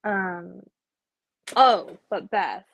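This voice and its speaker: A woman's voice: medium pitch, extremely slow, gravelly. A woman guest chatting casually and playfully, telling stories with hesitant fillers. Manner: playful storyteller, slips into silly voices, hesitant fillers. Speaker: guest and class instructor. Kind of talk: casual chat.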